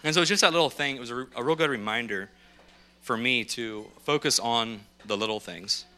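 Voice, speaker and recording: A man speaking from a podium as a missionary, telling lively anecdotes and acting out what people said. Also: medium pitch, fairly quick. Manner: lively anecdotal storyteller who acts out quotes. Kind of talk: storytelling sermon.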